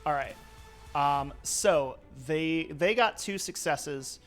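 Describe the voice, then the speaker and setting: Man, game master, slightly high voice, rambling with fillers, faint music under the stream. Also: slow, a bit bright. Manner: loose, hesitant narration full of fillers. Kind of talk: narrating a tabletop game.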